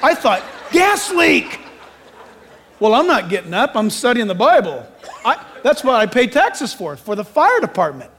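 A man's voice: high-pitched, moderate pace, long reverb tail. A pastor preaching a sermon to his church, telling stories and acting out voices along the way. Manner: animated storytelling, acting out voices.

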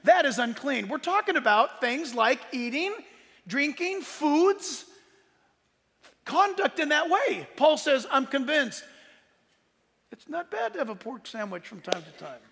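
A man preaching in a very high, gravelly voice, bright and edgy in tone. He jokes, laughs and bursts into shouts as he teaches, and a long hall reverb trails every line. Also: measured pace. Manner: animated and joking, laughing often, shouting at times. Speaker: pastor. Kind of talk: sermon.

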